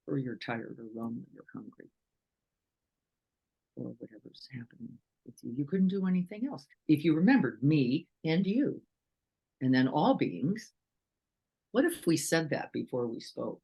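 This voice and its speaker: A female meditation teacher gives a casual dharma talk in a bass voice that is creaky and slightly rough, at a moderate pace, with dull audio. She's animated, asking plenty of rhetorical questions and acting out quotes.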